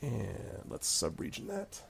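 A man acts as game master for a streamed tabletop game, rambling, poking fun at himself and laughing often as he narrates over a video-call mic. His voice is on the low side and creaky, slow, with huge pitch swings. Slight background noise comes through.

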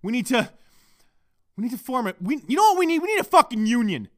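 Extremely high-pitched, very animated and fast, a man rants heatedly on his solo podcast, swearing all the way through. He's recording at home with a microphone at his laptop, and the audio has studio quality with no echo.

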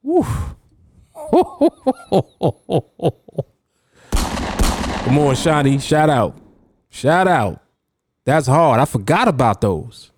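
Guy hosting a trading podcast, loud emphatic street-casual talk, laughs a lot, dry sound with no room. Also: fairly high pitch, sing-song, drawn-out words, pauses often, no echo. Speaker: trading coach and podcast host. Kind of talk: casual podcast talk reading live chat comments.

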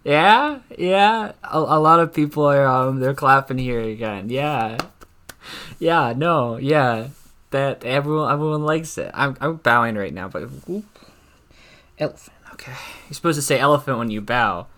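A young man doing an awkward, deadpan stand-up routine, halting and stammering through constant fillers and restarts. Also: mid-range voice. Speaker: stand-up comic.

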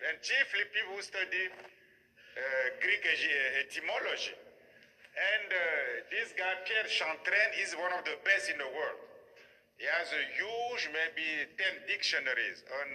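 Man, lecturer, high voice, very bright and piercing, emphatic, repeats points, reverberant hall. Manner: emphatic, repeats himself, checks in with "you see?". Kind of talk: lecture to a class. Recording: long echo of a hall.

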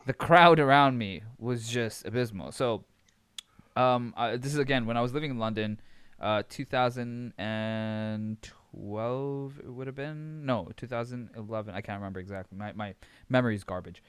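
A man's voice: medium pitch, moderate pace, clear, resonant tone, no echo. A young man from Abu Dhabi telling a story in casual chat, swearing freely and often laughing as he talks. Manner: animated, swearing, laughs while telling stories.

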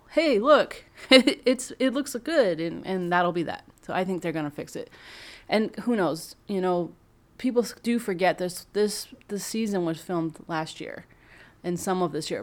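A woman giving a casual, excited fan review, rambling and emotional as she talks. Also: lowish voice.

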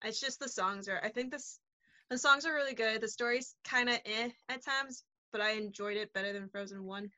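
Young woman co-host, casual chat, bright crisp tone, dry sound, enthusiastic. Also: fairly high pitch, a little fast, dry recording. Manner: upbeat, enthusiastic, laughs often. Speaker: podcast co-host.

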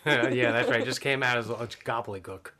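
Bright, teasing man on a podcast. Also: mid-range voice, steady tone, a little fast. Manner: teasing, playful, laughs a lot. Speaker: podcast co-host. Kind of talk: casual horror podcast chat.

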